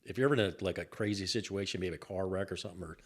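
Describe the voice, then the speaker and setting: An older man telling a story on a podcast in an animated, profane way and repeating himself as he goes. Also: low-pitched, rapid-fire. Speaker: guest, host's father.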